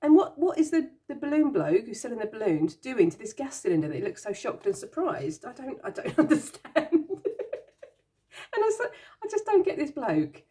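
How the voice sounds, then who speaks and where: Giggly woman with a lively voice. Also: a little high, normal speed. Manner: giggly, amused and baffled, laughing often. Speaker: tarot channel host. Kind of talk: casual show-and-tell chat.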